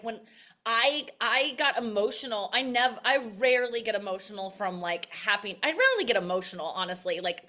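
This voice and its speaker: A comedian in her thirties appears as a guest in a casual interview, speaking candidly and reflectively, laughing and often restarting her sentences. Her voice is medium in pitch with a fairly bright tone.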